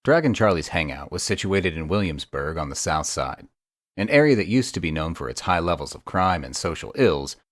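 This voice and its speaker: Male audiobook narrator, very low voice, dry sardonic delivery, close dry studio sound. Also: expressive, moderate pace, no room sound. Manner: wry and sardonic. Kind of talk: first-person audiobook narration.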